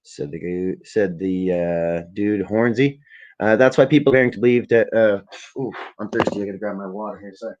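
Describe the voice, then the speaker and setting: A man's voice: lowish voice, normal speed, a little mellow, highs cut off. A Canadian man hosts a casual live stream, reading news articles aloud and breaking in with profane, sarcastic asides. He stumbles over words, restarts sentences and apologises as he goes. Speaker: livestream host.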